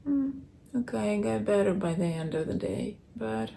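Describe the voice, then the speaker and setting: A weary woman keeping a late-night video diary at home, talking softly and often dropping into a whisper. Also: mid-range voice, expressive, moderate pace, vocal fry, slight background noise. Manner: soft, tired, often drops to a whisper. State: weary, low on energy.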